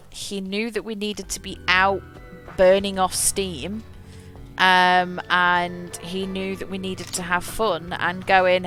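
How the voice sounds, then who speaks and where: A young woman streaming a game, telling a long school memory in a rambling, animated way with frequent laughs and self-corrections. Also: mid-range voice. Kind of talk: casual storytelling while gaming.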